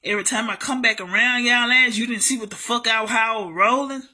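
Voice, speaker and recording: Woman vlogger, high voice, very sharp tone, profane storytelling, repeats for emphasis. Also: a little fast. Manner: blunt, heavily profane, emphatic. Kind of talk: casual storytelling monologue.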